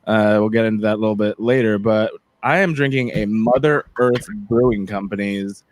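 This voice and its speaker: A man's voice: fairly low pitch, steady tone, normal speed, no room sound. A man hosting a podcast in casual chat, joking and teasing with lots of filler words. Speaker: podcast host.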